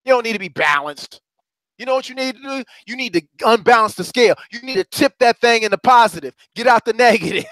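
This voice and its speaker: A high-pitched man preaching as a motivational courage coach, talking in with emphatic, repeated phrases. His voice swings from quiet low asides up to loud, soaring calls. The sound is dry and close, with no room around it. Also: animated, fairly quick, dry recording. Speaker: self-described courage coach. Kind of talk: motivational talk to a congregation.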